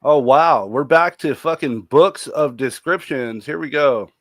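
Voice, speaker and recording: A man's voice: a little high, measured pace, a bit bright, no echo. A man with a stuffy voice from allergies who heckles and mocks sarcastically, swearing often. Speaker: streamer commenting on a livestream. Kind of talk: crude mocking live commentary.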